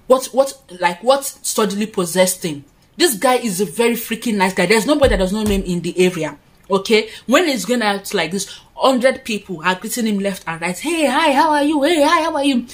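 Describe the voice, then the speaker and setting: A woman's voice: medium pitch, moderate pace, slightly rough. Woman, twenties, vlogger recounting a story in her room while doing makeup, dramatic and chatty. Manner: chatty, dramatic storytelling with frequent asides to viewers. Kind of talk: casual storytime. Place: her own room, indoors.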